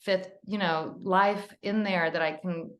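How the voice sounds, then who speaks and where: A woman's voice: on the low side, fairly even intonation, measured pace, reverberant. A woman author as a podcast guest, telling a personal story in an earnest, emotional, rambling way.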